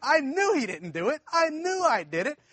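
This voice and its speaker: A man with a high, bright voice tells a story from the pulpit in a folksy, chuckling way. He talks directly to his congregation, as if chatting with friends. The sound is close and dry, with no room echo. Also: sing-song, moderate pace. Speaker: preacher. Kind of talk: storytelling sermon.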